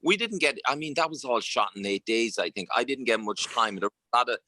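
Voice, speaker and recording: An Irish actor chatting casually as an interview guest, telling relaxed stories with plenty of fillers. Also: male voice, medium pitch, brisk. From Ireland. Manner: anecdotal, relaxed storytelling with frequent fillers.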